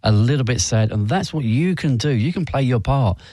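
A man co-hosting a radio fundraising drive, warm and effusive, thanking listeners by name. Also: medium pitch, animated, moderate pace, no echo, clean studio sound. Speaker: radio co-host. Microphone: studio microphone.

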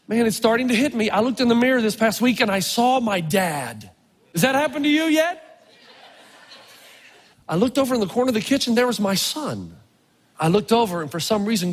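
A middle-aged man preaching a storytelling sermon as a pastor, animated, dropping to a hush and then rising loud for emphasis. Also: sits high, breathy edge. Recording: long reverb in a large hall.

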